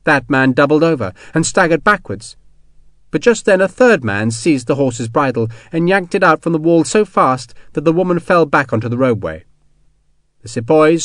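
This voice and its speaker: A man narrating an adventure novel in a steady, measured storytelling voice. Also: a little high, no echo, studio quality. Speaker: audiobook narrator. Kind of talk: scripted narration.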